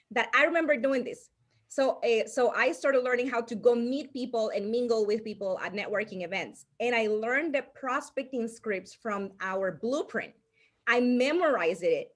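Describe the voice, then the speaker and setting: A woman with a Spanish accent, Spanish her first language, telling stories as a podcast guest with frequent laughter and restarts. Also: a little high. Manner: animated storyteller, laughs often, restarts mid-sentence. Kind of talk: casual podcast storytelling.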